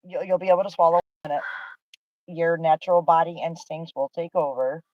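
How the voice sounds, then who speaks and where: Middle-aged mom streaming from her car, lowish voice, dry and dull lo-fi sound, teasing and soothing. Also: steady tone, fairly quick, no echo. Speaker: livestream host and mother. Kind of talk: casual live chat. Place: parked car in her driveway.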